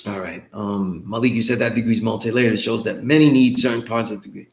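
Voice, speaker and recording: A man teaching an online course lectures in a loose, conversational style, often checking in with students by asking "you know what I mean?" His medium-pitched voice moves fast with hardly any pauses. The recording is reverberant with a little hiss or hum.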